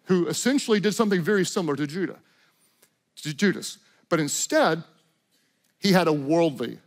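A man pastor preaching a sermon, swinging from loud emphatic lines to hushed, low passages.

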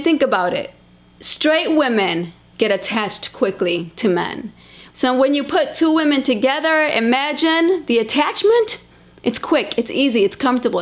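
Blunt, chatty woman in her thirties. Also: on the high side. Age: 30s. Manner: blunt, chatty, addresses viewers directly. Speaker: reaction commentator. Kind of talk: casual reaction commentary.

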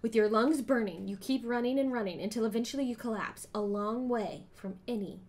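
A woman's voice: on the high side, brisk, a little mellow. A woman streaming a game, reading the entries aloud and chatting playfully with her co-player. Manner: playful, giggly, breaks into song. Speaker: streamer running a solo-style game. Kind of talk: reading a gamebook aloud with casual chat. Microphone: streaming microphone.

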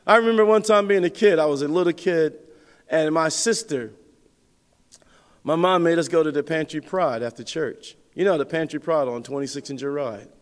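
Man, pastor, sermon, high voice, storytelling, long reverb. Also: moderate pace. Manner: storytelling, lively swings in pitch and loudness.

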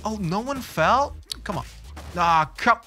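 A British man streaming a game live, chatting with viewers and reacting loudly to the action. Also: sits high, slow. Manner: chatty, excitable, greets chat and reacts loudly. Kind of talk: live gameplay commentary. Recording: game music behind voice.

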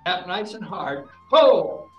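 A man's voice: high voice, normal speed, dull audio. Man, fitness instructor, video call, coaxing, laughs a lot, echoey room, faint music. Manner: upbeat, coaxing, laughs often while guiding. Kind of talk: virtual fitness class instruction.

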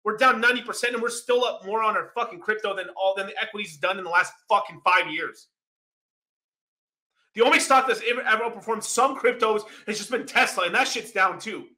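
Loud, bright-voiced ranting young man. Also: high-pitched, brisk. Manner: heated, swearing constantly, often shouting. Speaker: crypto channel host. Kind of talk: profane ranting monologue.

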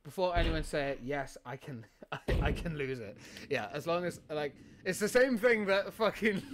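A man's voice: fairly high pitch, expressive, normal speed, background noise. A man chatting while streaming a game, rambling, swearing and laughing often as he thanks viewers. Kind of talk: live gameplay stream chat.

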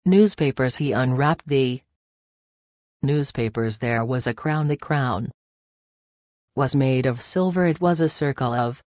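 A woman narrating a storybook in a slow, steady reading voice. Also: a bass voice, no room sound.

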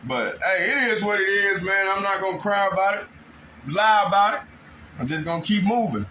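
High, bright-voiced man venting at home, faint background noise. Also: moderate pace, poor audio. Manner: aggrieved, rambling storytelling with raised outbursts. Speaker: vlogger. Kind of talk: casual monologue. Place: home kitchen.

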